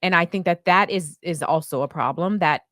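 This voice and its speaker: A woman with a low, deep speaking voice hosts a casual podcast. She talks with indignant passion, her words dry and close to the microphone. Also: moderate pace, fairly bright tone, no room sound. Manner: impassioned, indignant rants. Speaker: podcast host.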